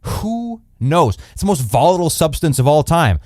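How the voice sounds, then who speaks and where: A man's voice: fairly high pitch, animated, quick pace, warm tone, no echo, clean studio sound. A man co-hosting a casual podcast, blunt and sarcastic, rambling and swearing casually. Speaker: podcast co-host.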